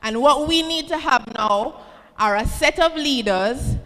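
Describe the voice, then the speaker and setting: A woman with a Jamaican accent hosting a student event, energetic and teasing, calling for responses from the crowd. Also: high voice, measured pace. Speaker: event host. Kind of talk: motivational address to students. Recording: reverberant hall, faint ambient noise.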